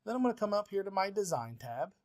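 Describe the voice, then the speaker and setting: Man giving a patient software walkthrough. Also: high voice, very animated, quick pace. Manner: step-by-step, plain and patient, with frequent uh fillers. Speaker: professor.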